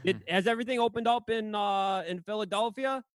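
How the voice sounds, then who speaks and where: A man chatting casually, making sardonic, profane deadpan jokes. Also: high voice, fairly quick, dry recording. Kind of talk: casual chat.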